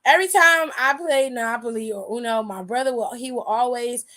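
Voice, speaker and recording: A woman hosting a show and casually retelling events in an animated, slangy way, often acting out what people said. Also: fairly high pitch, brisk. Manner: animated, slangy, acts out quoted lines. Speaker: show host. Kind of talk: casual recap storytelling.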